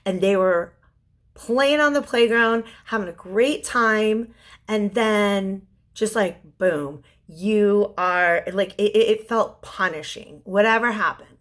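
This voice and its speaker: A young woman giving a gentle, soothing tarot reading, often restarting her sentences and sometimes dropping to a whisper. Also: mid-range voice. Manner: halting restarts and repeated words. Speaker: tarot reader. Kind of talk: intuitive tarot reading to a viewer.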